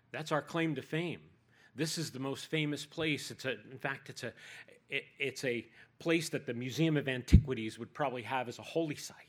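A man's voice: medium pitch, normal speed. A man preaching a sermon in a conversational way, with jokey asides.

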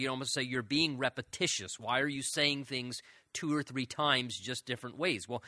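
Guy preaching a sermon, earnest and emphatic, super bright punchy voice, dry close sound. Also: mid-range voice, no echo. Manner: earnest, emphatic with drawn-out quoted lines. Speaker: pastor. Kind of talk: expository sermon.

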